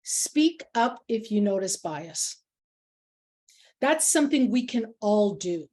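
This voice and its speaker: A workshop facilitator with a warm, medium-pitched voice speaks slowly but with great animation. She leads a workplace session, making her points earnestly and emphatically through personal anecdotes.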